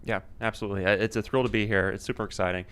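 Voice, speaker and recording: Quick, nervous Appalachian man. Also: fairly low pitch, fairly even intonation, a bit bright, clear, resonant tone. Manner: nervous, self-deprecating, laughs often. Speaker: guest, news editor.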